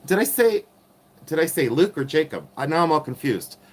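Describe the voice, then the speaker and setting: A middle-aged man with a nasal, fairly high voice swings widely in pitch at a moderate pace. Reselling vintage jewelry on a casual livestream, he rambles, pokes fun at himself and reads the chat aloud.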